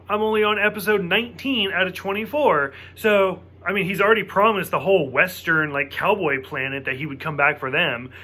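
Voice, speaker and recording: A man's voice: high voice, sharp tone. A man giving a casual spoken TV episode review to camera, emphatic and worked up, swearing freely.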